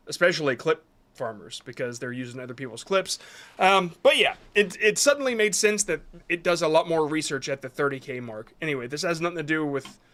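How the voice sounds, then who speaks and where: A man's voice: fairly high pitch, a bit bright. A man reviewing viewers' short videos on a live stream, talking casually and rambling a bit as he gives frank advice.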